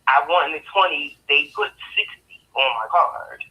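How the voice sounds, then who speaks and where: A man's voice: a little high, a little slow, lo-fi sound. A man joining by phone who chats, giggles and shares his own experience.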